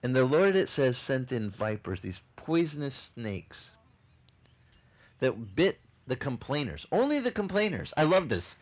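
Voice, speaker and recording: A man preaches a sermon outdoors at a beach service. His pitch is middle for a man and swings widely as he tells Bible stories. He acts out the people in them with quick changes of voice. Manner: animated storytelling, acts out voices of people and God. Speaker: pastor.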